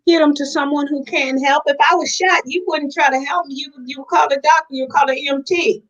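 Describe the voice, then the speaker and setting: Woman, high voice, heartfelt and candid, slightly dull lo-fi sound. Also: steady tone, fast talker, fairly bright tone. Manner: earnest, heartfelt, addresses listeners as y'all. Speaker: guest in recovery. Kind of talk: candid interview talk.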